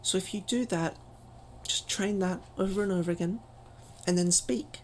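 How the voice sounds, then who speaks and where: A woman talks through a voice-training lesson in a loose, chatty way, pausing on plenty of ums and poking fun at her own progress. Her voice sits at an ordinary middle pitch, with a faint hiss underneath. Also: darkish tone, low-quality recording. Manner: chatty, self-deprecating, filler-heavy. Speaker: voice training tutor. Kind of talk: casual tutorial.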